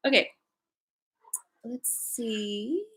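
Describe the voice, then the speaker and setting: A woman's voice: a little high, animated, extremely slow, pushed and bright, husky. A woman reading angel cards on a live stream from home, chatty and giggly, with lots of fillers. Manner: giggly, laughs often, many fillers. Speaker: psychic card reader. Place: at home with a cat.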